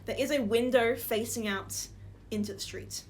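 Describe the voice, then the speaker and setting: A woman's voice: a little high, steady tone, moderate pace, slight background noise. A woman narrating as game master of a tabletop game, with giggles and many fillers.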